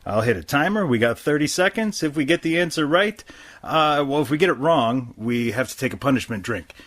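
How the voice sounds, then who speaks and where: A man's voice: medium pitch, expressive, a little fast, fairly bright tone. A man hosting a podcast in casual chat, laid-back and rambling with plenty of fillers. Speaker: podcast host.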